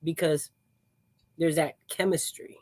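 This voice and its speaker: A young man co-hosting a casual livestream, fast-talking and playful, laughing often between lines. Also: fairly high pitch, steady tone, darkish tone. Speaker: co-host making cold calls.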